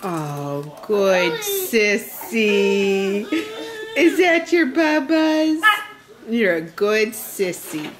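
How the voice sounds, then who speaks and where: A woman's voice: on the high side, very animated, extremely slow. A woman filming a home video at snack time, talking to her small children in cooing, sing-song baby talk.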